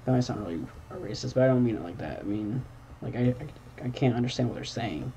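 A young man talks over his own gameplay in a home room at night, answering the game back and breaking into sudden exclamations for his gaming channel. He speaks fairly quickly in a mellow, medium-pitched voice with lively intonation, and there's a little hiss or hum.

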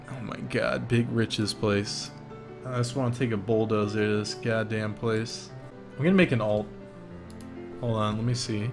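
A man streaming a life-simulation game, commentating casually and jokingly, with sudden excited outbursts. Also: lowish voice, normal speed, soft background music.

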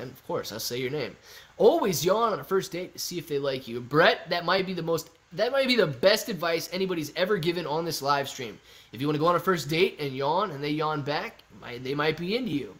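A young man hosting a casual live stream, reading viewer chat aloud and joking around in a loose, animated way. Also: a little high. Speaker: livestream host.

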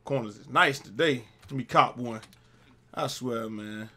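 A young man giving casual gameplay commentary with friends, joking, swearing a lot and breaking into loud yells when the action picks up. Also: mid-range voice, unhurried. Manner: swears a lot and breaks into yelling mid-game; jokey, trash-talking banter. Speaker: gaming commentator.

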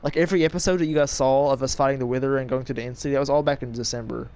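Excitable young man commentating gameplay. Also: medium pitch, racing, a little hiss or hum. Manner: excitable, trash-talking, rambling. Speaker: gaming YouTuber.

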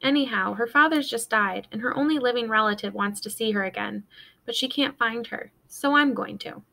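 A woman's voice: on the high side, normal speed, vocal fry, bright, forceful tone. A woman voicing an earnest young boy who defends his secret.

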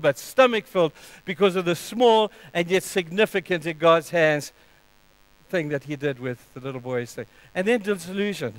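High-voiced preaching man, smooth and dry. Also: dry recording, rough recording. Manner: preaching with sudden loud emphatic bursts, then hushed; leads a closing prayer. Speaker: pastor. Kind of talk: sermon.

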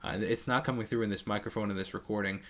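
A man's voice: lowish voice, fairly even intonation, very fast. A man and musician reacting to a live song, casually explaining the mix and vocals into a studio microphone with a pop filter. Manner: explanatory, analytical, many restarts. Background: faint song playing.

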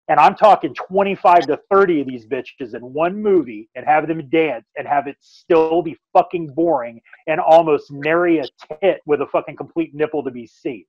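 A man ranting and cursing his way through a casual podcast chat. His voice sits a little high. The sound is dry and a bit muffled. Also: animated, moderate pace, dry recording. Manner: emphatic, ranting, heavy swearing. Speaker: podcast co-host.

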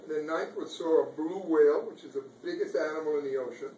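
Here a man with a fairly high, warm voice reads a picture book aloud to preschoolers, asking them questions and cheering on their replies at a slightly quick pace. Classroom noise fills the roomy, distant-sounding recording.

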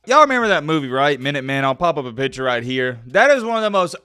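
Guy doing a sports talk vlog, hyped and fast, dry close mic, loud bursts here and there. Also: fairly high pitch, clean tone, dry recording. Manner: animated, fast-talking, with sudden loud bursts. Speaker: sports commentator host. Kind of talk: casual commentary vlog.

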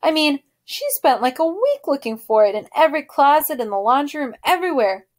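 A woman's voice: sits high, very animated, fairly quick, voice pushed up. A woman reading a novel aloud, voicing an eager, teasing ten-year-old boy in a raised voice.

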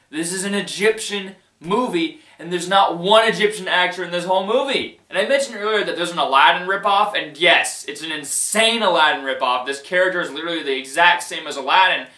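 A man's voice: high voice, bright, forceful tone, roomy sound. A man giving a casual movie-review rant, emphatic and exasperated, repeating his points and often breaking into laughter.

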